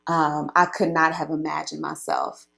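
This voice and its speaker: A woman in her late thirties tells her story as a guest in relaxed conversation. Her voice sits a little low and carries a gravelly, fried texture. She talks animatedly, with frequent laughs and fillers. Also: normal speed. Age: late 30s.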